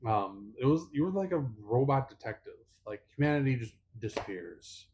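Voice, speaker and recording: A man's voice: medium pitch, sing-song, normal speed, darkish tone, a little hiss or hum. A young man co-hosting a casual podcast chat, teasing his friend in a playful manner. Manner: playful, teasing, puts on voices in anecdotes. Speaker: podcast co-host.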